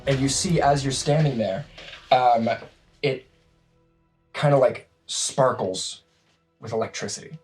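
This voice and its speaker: A man narrating a tabletop game as game master, slow and relaxed with frequent fillers. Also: medium pitch, faint music behind, low-quality recording.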